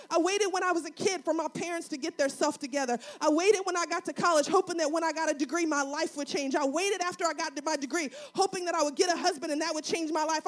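A woman pastor with a strikingly high voice delivers a sermon. She preaches in a rhythmic, repetitive cadence and pushes into fervent appeals. She sounds middle-aged.

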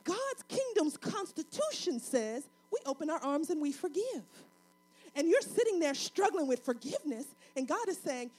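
A woman pastor preaching a sermon, swinging from loud fervent passages to quiet intimate talk, in a colloquial, folksy way. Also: high voice, sing-song, moderate pace.

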